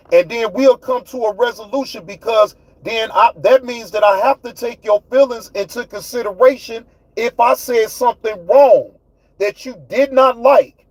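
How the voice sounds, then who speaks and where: A man's voice: extremely high pitch, dry recording, low-quality recording. A man with hosting his own livestream, ranting at his chat in a fiery, profane way. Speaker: livestream host. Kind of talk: heated livestream rant.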